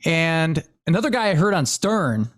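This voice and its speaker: A man co-hosting a casual podcast, his high voice swinging up and down. He laughs often and acts out quotes as he talks. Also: big pitch swings, moderate pace. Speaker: podcast co-host. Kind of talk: casual chat.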